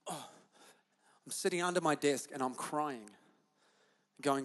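A man preaches from a church stage, his voice high and lifted as he moves between quiet confession and fired-up rallying. The sound carries a long, ringing hall reverb. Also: a little slow, long pauses. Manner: impassioned, confessional, rallying the congregation. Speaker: pastor. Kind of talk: sermon. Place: church auditorium.

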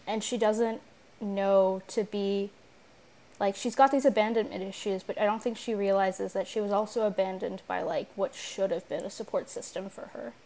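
A woman's voice: mid-range voice, steady tone, normal speed, darkish tone. Young woman co-host, rambly, lots of likes and half-finished sentences. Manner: rambling, many likes and restarts. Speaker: podcast co-host. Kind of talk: casual chat about an anime.

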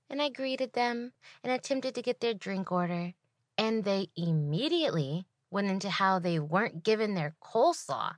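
A woman's voice: mid-range voice, fairly bright tone, no room sound, clean studio sound. A woman podcast host telling a story as a solo rant, sarcastic and exasperated.

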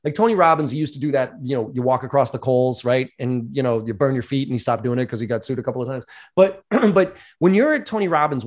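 A man hosting a casual talk about sales, swearing freely and acting out scenes in quick voices. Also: a little high. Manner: profane, animated storytelling with put-on voices. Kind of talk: casual conversation.

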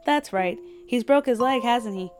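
A woman voicing a brisk small-town male official in a folksy, raised voice. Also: a little high, a little mellow, faint music behind, lightly acted. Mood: cheerful brisk.

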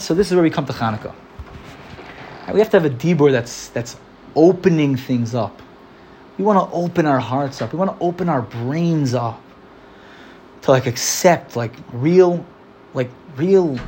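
A man's voice: fairly high pitch, animated, moderate pace, darkish tone, a little hiss or hum. A man teaching an informal religious class in a chatty, loose way, often acting out little quotes. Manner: chatty, full of "like", acts out quotes. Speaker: Torah teacher.

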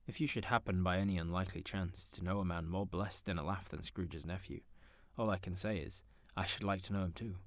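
A man narrating a classic story in an expressive, theatrical manner. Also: deep voice, brisk, no echo. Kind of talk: audiobook narration.

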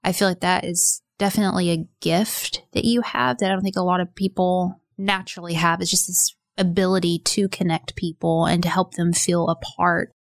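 A woman's voice: on the low side, fairly even intonation, moderate pace, creaky, few pauses, no echo, clean studio sound. A woman hosting a podcast interview in a chatty, upbeat way. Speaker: podcast host.

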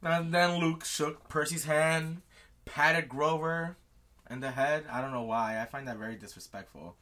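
Chatty podcast co-host, bright tone, animated retelling with cussing. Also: medium pitch, measured pace. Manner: animated storyteller, swears, acts out characters. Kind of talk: casual book recap chat.

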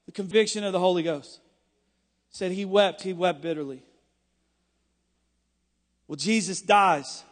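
Man preaching, high voice, gets shouty, big echoey hall. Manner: builds to shouting, passionate. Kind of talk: sermon.

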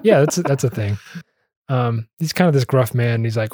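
A man's voice: mid-range voice, expressive, moderate pace, mellow, no echo. Guy recapping a movie plot, keeps laughing, acts out the lines, dry mic. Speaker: podcast co-host summarizing a film. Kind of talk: casual chat.

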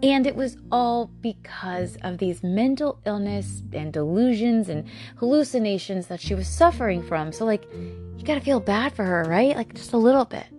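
A woman's voice: mid-range voice, animated, moderate pace, a little mellow, soft background music. A woman in her thirties hosting a true-crime show, swearing often and sarcastic, audibly exasperated as she comments. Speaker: podcast host.

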